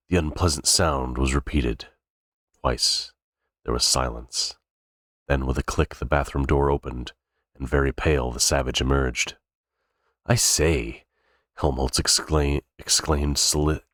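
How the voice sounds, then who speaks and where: Man with an extremely low voice, unrehearsed novel reading, occasional restarts, dry close sound. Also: fairly even intonation, measured pace, pauses often, fairly bright tone, no echo. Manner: unrehearsed, stumbles and restarts words. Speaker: reader. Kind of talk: cold-read audiobook narration.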